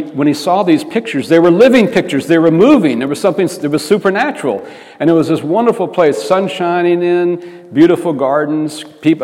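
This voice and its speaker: A man's voice: fairly high pitch, darkish tone. A man preaching by telling a story, in an earnest manner that often restarts phrases. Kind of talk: storytelling sermon. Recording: reverberant hall.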